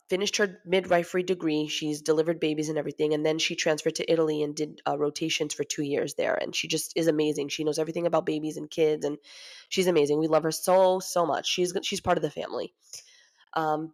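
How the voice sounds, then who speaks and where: A woman in her thirties hosting a casual podcast, chatty and candid, often laughing as she talks. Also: deep voice. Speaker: podcast host. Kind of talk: casual chat.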